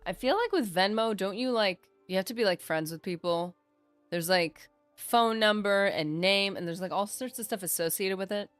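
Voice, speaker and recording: A woman's voice: medium pitch, moderate pace, no room sound, faint music behind. A woman game streamer chatting casually while she plays, rambling, trailing off and poking fun at herself. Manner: chatty, rambling, self-deprecating, trails off and restarts. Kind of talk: casual livestream chat while gaming.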